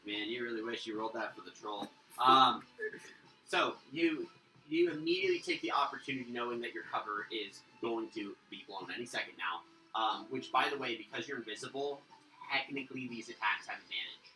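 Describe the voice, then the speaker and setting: A man narrating a tabletop game as game master, animated and storytelling. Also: medium pitch, fairly quick, faint music behind. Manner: animated storyteller, acts out monsters. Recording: roomy, distant mic.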